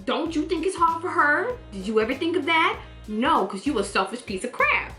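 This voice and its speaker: Lively, bright-voiced woman vlogger. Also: sits high, normal speed, reverberant, soft background music. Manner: animated, acts out quotes in playful voices. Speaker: vlogger reviewing a TV series. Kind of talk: casual chatty review.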